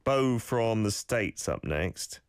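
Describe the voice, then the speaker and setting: Deep-voiced male radio host coaching pronunciation. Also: expressive, clean tone, no echo. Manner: patient, corrects pronunciation by repeating sounds slowly. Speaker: radio host teaching Korean. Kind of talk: casual radio talk with language tips.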